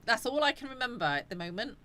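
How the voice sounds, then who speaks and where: A woman's voice: fairly high pitch, very animated, quick pace, bright, forceful tone. A woman hosting a casual live chat, rambling and answering viewers' comments. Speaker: live stream host.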